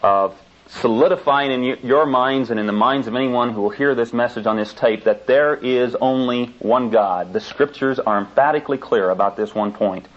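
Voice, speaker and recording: A man's voice: medium pitch, normal speed. Man preaching, emphatic, repetitive, mid voice, dull old tape sound. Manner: emphatic, insistent, repeats key points. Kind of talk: sermon with scripture reading.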